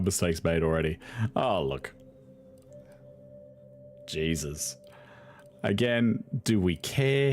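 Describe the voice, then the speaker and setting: A young man commentating on a video game in a casual, sarcastic way, swearing freely and laughing often. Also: fairly low pitch. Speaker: gaming video host.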